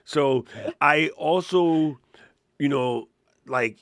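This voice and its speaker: A man's voice: fairly high pitch, extremely slow, no room sound, studio quality. A man from Hawaii co-hosting a live podcast, telling casual stories and acting out the voices of people in them. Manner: animated storytelling, acts out voices in anecdotes. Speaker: podcast co-host.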